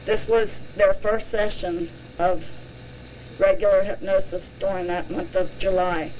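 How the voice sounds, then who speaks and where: Woman narrating a documentary real slow, measured plain read, kinda dull lo-fi sound. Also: fairly low pitch, steady tone, darkish tone. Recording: dull lo-fi with faint hiss.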